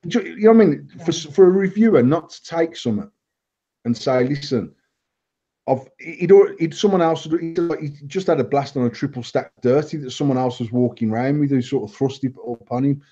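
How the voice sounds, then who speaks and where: A man's voice: a little high, fairly quick, warm tone, breathy edge, dull audio. A man from England co-hosting a casual chat, blunt and rambling, swearing freely and restarting his sentences. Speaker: vape company owner, co-host.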